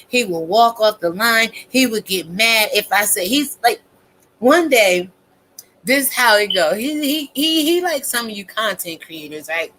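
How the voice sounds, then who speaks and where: A woman in her fifties rants casually at her viewers, blunt and emphatic, swearing heavily throughout. Her voice is a little high, bright and forceful, and the recording is rough.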